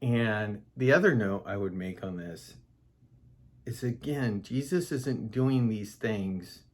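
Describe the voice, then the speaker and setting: Guy doing a laid-back bible podcast, kinda husky, lots of likes and ums. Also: on the low side, slow. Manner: conversational, loose, many fillers and asides. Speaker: podcast host teaching the Bible. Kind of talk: casual Bible study podcast.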